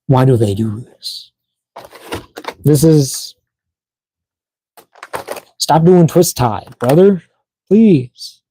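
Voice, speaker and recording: A man talks his way through a live-stream toy unboxing at an unhurried, drawn-out pace. His voice is dark and mellow, with a mid pitch. He mutters to himself as he works at the packaging. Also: a little hiss or hum, low-quality recording.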